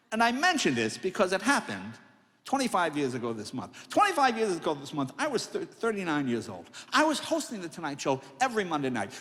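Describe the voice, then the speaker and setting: A man in his sixties telling comic stories in an acceptance speech on stage, acting out family members' voices. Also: high-pitched. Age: 60s. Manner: animated, acts out voices of family and others. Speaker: comedian. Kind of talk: stand-up storytelling speech. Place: large hall on stage. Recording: long hall reverb.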